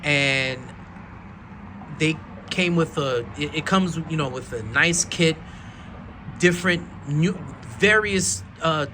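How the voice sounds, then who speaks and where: A man reviewing handguns in a rambling, enthusiastic way, dropping almost to a whisper while he slowly pulls each trigger. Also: on the high side, noisy background. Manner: drops to a near whisper during slow trigger pulls. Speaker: gun reviewer. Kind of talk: casual product demo.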